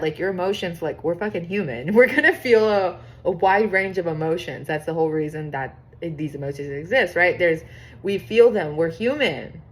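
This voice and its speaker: A young woman does a casual tarot reading for her viewers, chatty and excitable, cursing freely and reading the card texts out loud. Her voice is fairly low in pitch.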